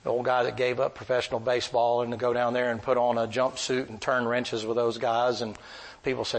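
A man's voice: mid-range voice, level tone, a little fast, poor audio. A man preaching a sermon, telling folksy, rambling stories in plain country talk. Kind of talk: storytelling sermon.

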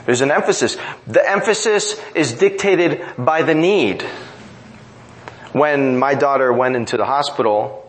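A man's voice: mid-range voice, a little slow, low-quality recording. A man preaching a sermon in an earnest, emphatic way, driving points home through repetition. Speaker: pastor.

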